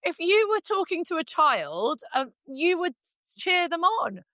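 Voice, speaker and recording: A woman's voice: very high-pitched, very animated, measured pace, bright, forceful tone, no echo. A woman hosting a podcast interview, blunt and sweary, piling on emphatic praise in casual chat. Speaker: podcast host.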